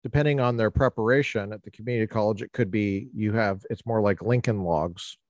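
A man's voice: lowish voice, fairly quick, no echo. A man hosting a podcast interview, playful and enthusiastic, teasing his guest. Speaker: podcast host. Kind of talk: casual interview talk.

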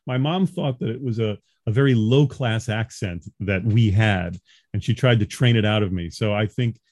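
A man in his forties from Long Island speaks as an interview guest over a video call. His voice sits low, and the sound is dry and close. He explains things earnestly and laughs easily. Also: normal speed, darkish tone, no room sound. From Long Island, New York. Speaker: guest, adjunct professor. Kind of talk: casual interview talk.

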